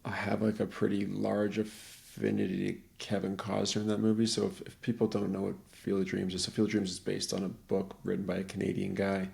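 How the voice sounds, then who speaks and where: A man's voice: deep voice, a little fast, gravelly, few pauses, a little mellow. A middle-aged man in casual conversation, telling a rambling story and acting out the voices of the people in it.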